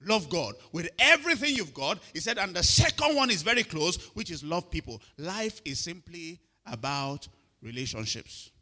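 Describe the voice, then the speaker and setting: A man's voice: a little high, big pitch swings, normal speed, sharp tone. A middle-aged man preaching a sermon, often asking if listeners are following and repeating his words. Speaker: pastor.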